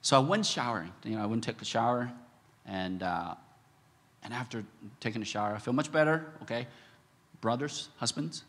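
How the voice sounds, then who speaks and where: Animated pastor man telling a story. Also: mid-range voice, normal speed, pauses often, long reverb tail. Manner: animated, laughing, swings between shouting and hushed. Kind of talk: storytelling sermon. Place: large church hall.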